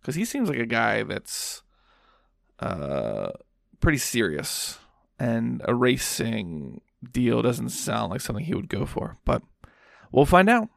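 Gravelly-voiced male podcast host. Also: mid-range voice, sing-song, slow, dry recording, studio quality. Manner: rambling, loose with fillers. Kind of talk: casual solo podcast recap.

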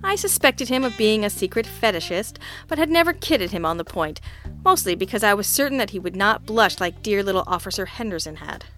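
Woman narrator, first-person detective story, wry, sardonic, mid-pitched voice. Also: sing-song, fairly quick, fairly bright tone, faint music behind. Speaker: audiobook narrator.

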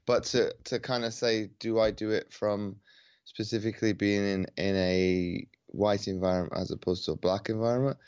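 Laid-back deep-voiced man on a call. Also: steady tone, moderate pace, a little mellow, dry recording, lo-fi sound. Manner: laid-back, hesitant with many restarts. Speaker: podcast host. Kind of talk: casual conversation. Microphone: video call.

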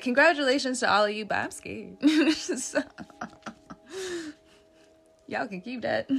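A woman's voice: mid-range voice, vocal fry, fairly bright tone. A woman giving a casual tarot reading, chatty and joking, laughing often and swearing now and then. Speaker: tarot reader.

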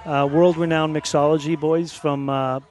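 A man from California talks up his distillery in an upbeat, promotional way, his fairly high voice full of ums and uhs. The chat happens outdoors at a festival. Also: little pitch movement, normal speed, a little mellow. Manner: upbeat promotional talk with fillers. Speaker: distillery co-founder. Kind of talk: casual interview chat.

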